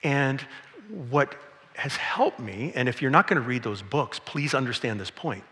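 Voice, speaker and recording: A middle-aged man preaching to his congregation in a bright, forceful voice. He talks in a loose, conversational way and tells stories along the way. A long reverb from the big church hall trails behind him. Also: medium pitch, expressive, measured pace. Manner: conversational, storytelling, with playful acted quotes. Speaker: pastor. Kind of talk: sermon. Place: church sanctuary.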